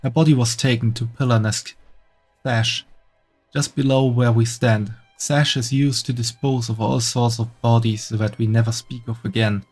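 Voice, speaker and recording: A man's voice: medium pitch, steady tone, moderate pace, a little mellow, faint music behind, close to an everyday voice. A man voicing a chatty quest-giver in a game, speaking theatrically and dragging out his words.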